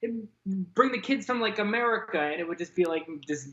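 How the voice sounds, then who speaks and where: A man co-hosting a casual pop-culture podcast. He is animated and acts out silly voices when retelling things. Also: high-pitched, a little fast, a little hiss or hum. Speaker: podcast co-host. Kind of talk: casual chat. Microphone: remote call setup on a laptop. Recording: roomy, dull lo-fi sound.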